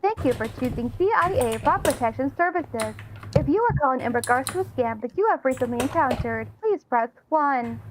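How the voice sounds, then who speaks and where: A stiff, formal automated hotline voice, as a woman puts it on for a joke. It reads out menu options in a flat, recorded-menu way, sitting high in pitch, with a faint hiss behind it. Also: fairly quick. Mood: mock-official.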